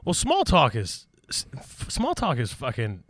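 Bright-voiced man chiming in. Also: medium pitch, huge pitch swings, unhurried, dry recording. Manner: chimes in with short reactions, reasons things through. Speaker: podcast co-host. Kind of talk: casual chat.

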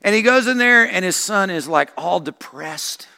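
A male senior pastor preaching a sermon, telling stories in an animated way. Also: high voice, normal speed, gravelly. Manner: animated storytelling with acted voices. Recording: long reverb of a church hall.

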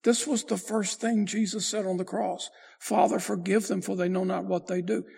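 Raspy high-voiced preaching pastor. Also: male voice, flat delivery, a little mellow. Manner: preaching with emphatic rises and slow drawn-out phrases. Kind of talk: sermon.

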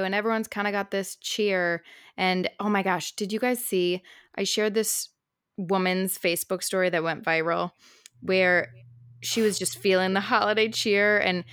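A woman co-hosting a casual chat show, upbeat and quick to laugh. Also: medium pitch, a bit bright, clear, resonant tone, no room sound, clean studio sound. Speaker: co-host.

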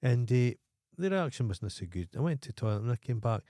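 A Scottish man spins blunt, sweary stories on a podcast at a mid pitch. His voice is close and dry, with no room around it. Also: sing-song, brisk, warm tone, dry recording. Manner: blunt, profane storytelling. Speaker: podcast co-host. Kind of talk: casual podcast chat.

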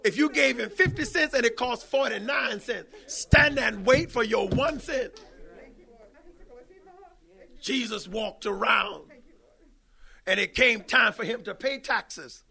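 A man preaching an emphatic sermon that rises now and then to shouts. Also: very high voice, slow, gravelly, pauses often.

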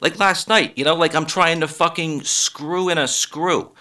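Bright-voiced, swearing male comic. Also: a little high, fairly even intonation, a little slow. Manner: rambling, profane, laughs at own jokes. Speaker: comedian. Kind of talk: profane comedic monologue.

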